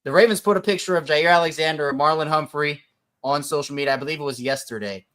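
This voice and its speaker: A man co-hosting a casual sports podcast, talking in an animated, joking way and bantering with the others. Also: fairly high pitch, fast talker. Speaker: podcast co-host.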